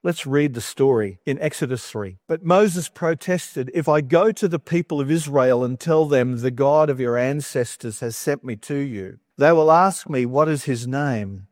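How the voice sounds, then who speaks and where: A man's voice: mid-range voice, moderate pace, few pauses, dry recording. Dry-voiced man preaching casually. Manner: casual with playful asides. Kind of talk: conversational Bible teaching.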